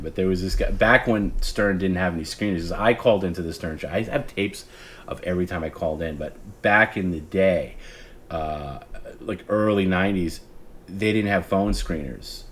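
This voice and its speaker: A man in his forties with a low voice hosts a late-night livestream. He talks in a loose, meandering way, restarting his sentences and acting out remembered callers as he goes. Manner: rambling, self-interrupting storyteller who acts out quoted callers. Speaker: stream host.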